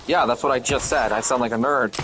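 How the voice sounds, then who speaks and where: A man's voice: medium pitch, fast, noisy background. A young man with a nasal, throaty voice chatting bluntly and swearing while gaming. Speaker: gamer. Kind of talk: casual chat while gaming.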